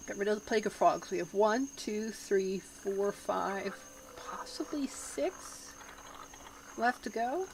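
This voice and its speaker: A woman's voice: medium pitch, moderate pace, vocal fry, few pauses, darkish tone, slight background noise. A woman casually livestreaming a puzzle game, chatting with viewers and her pets and laughing often. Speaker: streamer.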